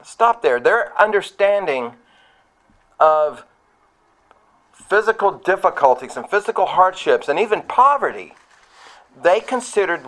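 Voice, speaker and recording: A man's voice: very animated, a little slow, pauses often. A man preaching a sermon in a conversational way, asking the congregation questions and acting out the voices he quotes. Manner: acts out quoted speech with sharp rises in pitch. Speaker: pastor.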